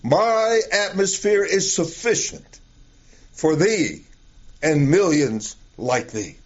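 A wide, calm sky answers in a gentle, unhurried voice with soothing repeated phrases, as a man acts it out in a sermon. The tone sits fairly high. The recording is dull and lo-fi. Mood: reassuring.

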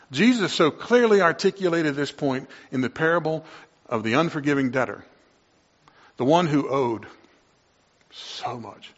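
Impassioned male preacher, lo-fi sound. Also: on the high side. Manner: impassioned, swings from quiet to loud. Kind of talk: sermon.

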